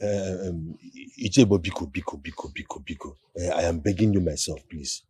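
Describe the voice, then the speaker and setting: A husky, exasperated friend. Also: male voice, low-pitched, moderate pace, mellow. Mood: pleading. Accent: Nigerian. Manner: exasperated, coaxing. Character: exasperated male friend who pleads for another. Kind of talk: Nollywood film acting.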